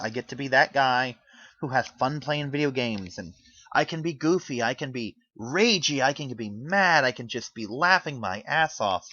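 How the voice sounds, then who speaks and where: A man's voice: mid-range voice, fairly bright tone, no echo, dull audio. Impassioned man ranting into a home mic. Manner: impassioned, pleading, rambling with restarts. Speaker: YouTuber. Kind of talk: earnest spoken rant to camera. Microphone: home microphone.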